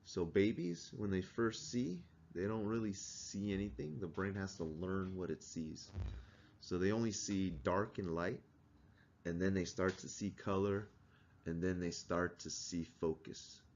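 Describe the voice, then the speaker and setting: Low-voiced man lecturing a class. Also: measured pace, darkish tone, muffled recording, a little hiss or hum. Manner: asks the class questions, conversational. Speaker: teacher.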